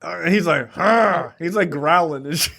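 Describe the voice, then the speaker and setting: A man's voice: a little high, moderate pace, gravelly, a bit bright. A man co-hosting a casual film review podcast, recapping the plot in a rambling, profane way. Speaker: podcast co-host.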